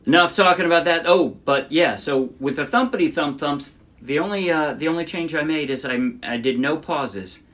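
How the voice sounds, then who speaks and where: A man's voice: fairly high pitch, normal speed, few pauses, fairly bright tone. A man casually teaching ukulele, chatty and demonstrative, often correcting himself mid-sentence. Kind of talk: casual tutorial talk. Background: ukulele playing.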